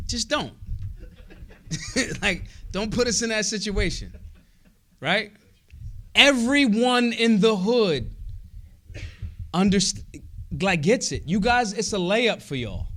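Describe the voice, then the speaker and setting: A man giving a rousing political speech at a convention, emphatic and profane, swinging between shouted lines and low asides. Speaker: convention speaker. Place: convention hall.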